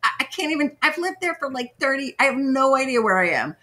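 Brief: middle-aged woman podcast host, high and bright, chatty storyteller full of "like" and "right?". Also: fast talker. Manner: animated, laughing, lots of "like" and "right?". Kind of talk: casual storytelling.

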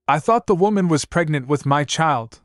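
A man's voice: fairly high pitch, animated, normal speed, no room sound, studio quality, voice pushed up, lightly acted. A man voicing a groveling, scheming young king who pleads and pushes. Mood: pleading. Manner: pleading, whiny, pushy.

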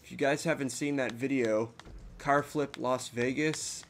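A man's voice: medium pitch, steady tone, measured pace, a little hiss or hum. A young man in his twenties giving rambling, frustrated, swearing commentary over a game. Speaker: gamer. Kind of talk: let's play commentary.

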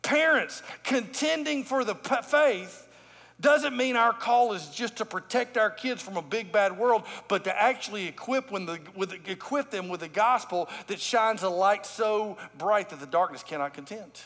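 A man's voice: high voice, normal speed, a bit bright. A middle-aged man, a lead pastor preaching a sermon in a conversational, emphatic way, calling out to his congregation. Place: church sanctuary. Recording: long church hall reverb.

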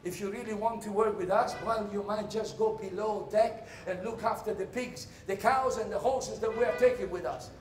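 A man with an Italian accent voicing a curt male ship captain who hands out orders briskly, lower than his own voice, in a roomy hall. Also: a little hiss or hum, lightly acted. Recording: roomy stage echo.

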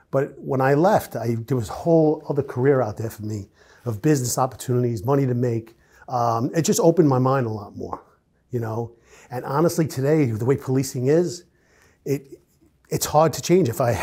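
A man's voice: mid-range voice, mellow, husky. A middle-aged man with a New York accent, a retired police officer, bluntly telling stories in an interview and acting out the dialogue. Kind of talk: casual storytelling interview.

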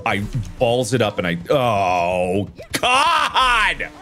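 A young man talking over his gameplay, lurching from low grumbles to sudden yells as he rages. His voice is bright and ringing, his pitch leaps wildly, and his slow talk runs over faint background music. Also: big pitch swings. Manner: swings from low mutters to loud yelling. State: frustrated and raging. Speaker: gaming video creator. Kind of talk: let's play commentary.

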